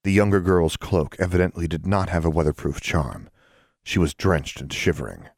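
A man narrates a novel in a measured, steady reading. His voice sits very low, and the sound is dry and close with no room in it. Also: vocal fry, no room sound. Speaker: audiobook narrator. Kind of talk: scripted narration.

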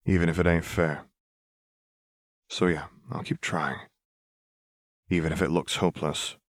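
A man reading the part of a blunt, tough woman enforcer who talks in rough, casual slang. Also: low voice, steady tone, unhurried, no room sound, clean studio sound. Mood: earnest. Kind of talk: audiobook reading of fan fiction.

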